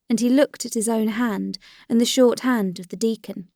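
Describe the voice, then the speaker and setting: A woman narrating a classic novel in a measured, even storytelling manner. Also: on the high side, creaky, dry recording, studio quality. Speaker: audiobook narrator. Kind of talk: scripted narration.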